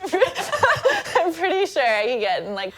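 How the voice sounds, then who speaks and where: An American woman, a mentor to adult industry workers, speaking candidly in a documentary interview in a nervous, emotional and halting way. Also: very high-pitched, huge pitch swings, fairly bright tone.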